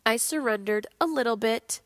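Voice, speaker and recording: A woman's voice: a little high, moderate pace, dry recording, clean studio sound. A woman hosting a podcast, talking candidly and bluntly with lots of swearing while she is sick. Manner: blunt, profane, animated. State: sick, low energy. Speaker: podcast host. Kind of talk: candid motivational monologue.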